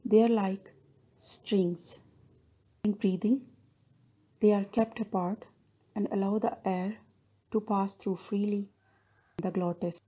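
A woman narrates a recorded linguistics lesson over slides, reading definitions at an even, explanatory pace. Her voice is warm and mellow, with a soft husky edge. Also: mid-range voice. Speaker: linguistics lecturer.

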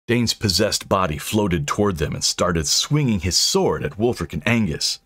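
Husky, lively male storyteller. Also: sits low, moderate pace, hardly any pauses. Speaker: audiobook narrator and author. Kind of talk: scripted narration with dry humor.

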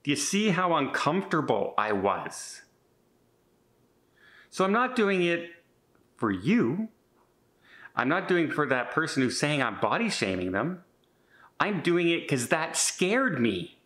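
A man's voice: a little high, sing-song, a little slow, long pauses, a bit bright. A man in his fifties talking in a casual vlog, chatty and rambling with many restarts, earnest and a bit defensive. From Canada. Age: 50s. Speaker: vlogger.

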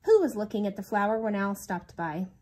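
Woman reading a picture book aloud; lively, sing-song, breathy voice. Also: mid-range voice, a little fast, rough recording. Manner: expressive, sing-song storytelling. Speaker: reader. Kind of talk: storybook read-aloud.

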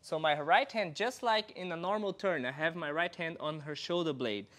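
A man's voice: on the high side, moderate pace, a bit bright. A man from Brazil, a dance teacher explaining moves step by step while demonstrating. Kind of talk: instructional dance lesson.

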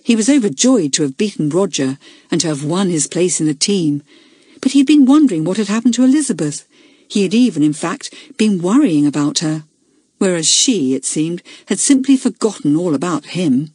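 A woman narrating a children's book in a clear, measured storytelling manner. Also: on the low side, animated, dark tone, no echo, studio quality. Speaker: audiobook narrator. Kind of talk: scripted narration.

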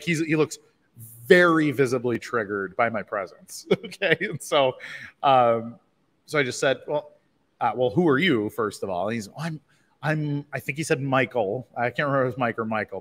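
A man hosting a livestream, telling a story in a casual, animated way, laughing often and restarting his sentences. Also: medium pitch, big-room sound. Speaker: livestream host.

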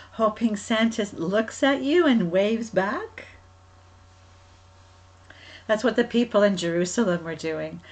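Casting: woman as a children's ministry leader, gentle storyteller, keeps asking the kids questions, mid-pitched voice. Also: rough recording. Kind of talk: Bible story told to children.

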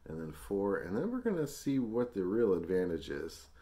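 Deep-voiced male music teacher, easygoing and chatty, demonstrating counting on camera. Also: normal speed. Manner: relaxed, chatty explanations with ums and small laughs. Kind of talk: music lesson, demonstrating rhythm syllables.

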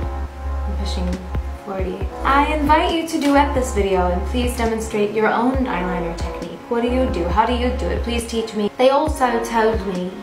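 A woman in her late thirties joking around in a deliberately bad put-on British accent, mocking herself. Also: mid-range voice, natural voice. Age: late 30s. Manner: jokey, exaggerated, self-deprecating. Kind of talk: playful self-mocking video. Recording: echoey room with music behind.

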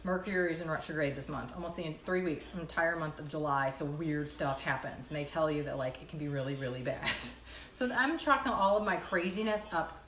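A woman in her thirties chats her way through a casual live stream in her condo kitchen, rambling and leaning on "like" again and again. Her voice sits low with a fairly bright tone, and she talks fairly quickly. The recording has an echoey room sound.

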